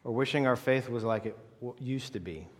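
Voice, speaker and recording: A man's voice: medium pitch, a little fast. A man preaching a sermon, emphatic and full of rhetorical questions aimed at the congregation. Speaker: pastor. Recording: long reverb of a large hall.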